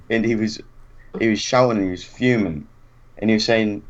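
Low-voiced man telling a story. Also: unhurried, long pauses. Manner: animated anecdote, acts out quotes, laughs often. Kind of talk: casual chat. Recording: dull lo-fi recording.

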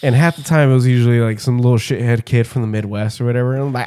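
A man's voice: mid-range voice, fairly even intonation, racing, hardly any pauses, a little mellow, smooth. Profane rambling male podcast host. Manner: rambling, profane, laughing often. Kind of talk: casual chat.

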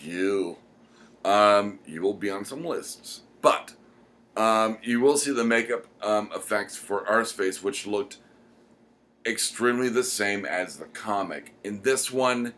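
A man with a somewhat low voice talks casually as a podcast co-host. He rambles, pausing often with ums as he gathers his thoughts. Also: a bit bright. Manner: rambling, many "um" pauses. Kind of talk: casual chat.

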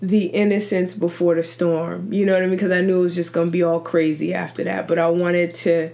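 A woman hosting a casual chat, relaxed and supportive, who reacts briefly and then tells her own side of a story. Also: lowish voice, fairly quick, creaky. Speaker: host.

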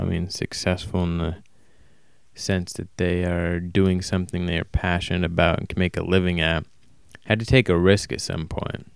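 Man, flat monotone delivery, dry close sound, rambling casual solo talk. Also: sits low, creaky, clear, resonant tone, no echo. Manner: self-described monotone, rambling with restarts and self-corrections; casual, swears. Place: warm indoor room.

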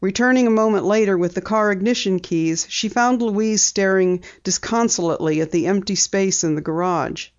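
A woman narrating a vintage girls' mystery novel in a measured audiobook reading. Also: lowish voice. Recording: dull lo-fi audiobook recording.

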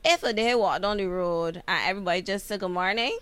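A woman's voice: mid-range voice, fast, clean tone, no echo. A young woman, a podcast guest talking frankly and matter-of-factly in casual chat. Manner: frank, matter-of-fact, dialect-heavy speech.

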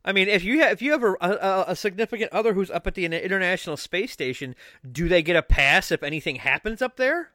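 A man hosting a podcast in casual chat, joking and sarcastic, with loud exclamations. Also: high voice, animated, fast talker, few pauses, no echo, clean studio sound. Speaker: podcast host.

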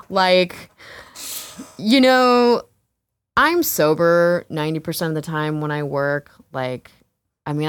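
Speaking in a low register on a dry recording, a woman who dances exotically shares a story as an interview guest. She's frank and relaxed, cursing, laughing a lot, and filling gaps with "like" and "you know."

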